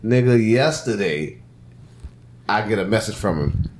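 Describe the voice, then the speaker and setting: A man co-hosting a podcast, telling stories with lots of swearing. His pitch jumps up and down constantly as he talks. The sound is roomy and echoey. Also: a little slow, long pauses. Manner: animated, profane storyteller. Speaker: podcast co-host. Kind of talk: casual chat. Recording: echoey room.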